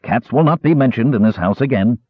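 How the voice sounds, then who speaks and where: A stern, short-tempered lord in a storybook reading, as a man puts him on, husky and clipped. The recording is dry and tinny, like a phone line. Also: medium pitch, lively intonation, fairly quick, no echo. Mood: curt. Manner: curt, snapping. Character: stern middle-aged nobleman, curt and irritable.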